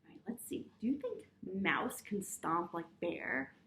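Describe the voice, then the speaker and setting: A woman teaching yoga to children, reading a story aloud in a gentle, encouraging way and roaring and meowing with them. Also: lowish voice, wildly swooping pitch, a little slow, far from the mic, slight background noise. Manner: gentle, encouraging, playful animal sounds. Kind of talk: storytime with kids' yoga instruction. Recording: echoey room.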